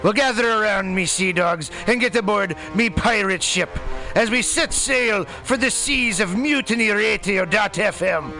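A man doing a high, hearty pirate captain. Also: a little slow, heavily acted, low-quality recording. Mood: rousing. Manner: hearty seafaring pirate-speak. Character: boisterous male pirate captain hawking a station. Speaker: announcer in a station promo. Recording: promo with a loud music bed.

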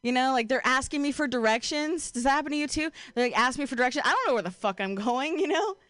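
A woman's voice: high voice, fast, no room sound. Profane young woman doing stand-up, dry and close. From Ohio. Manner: casual, profane, deadpan delivery with frequent laughs. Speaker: stand-up comedian. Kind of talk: stand-up comedy set.

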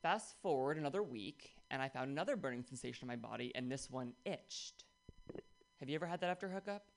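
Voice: medium pitch, animated, quick pace, gravelly, a little hiss or hum. A comedian telling bawdy stories in a stand-up set on a club stage. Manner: bawdy, swooping delivery with big shifts.

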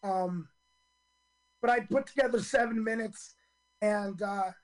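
A hoarse man in his fifties, a stand-up comedian telling his story in a radio interview, earnest and full of ums and restarts. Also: high voice, a little slow, low-quality recording.

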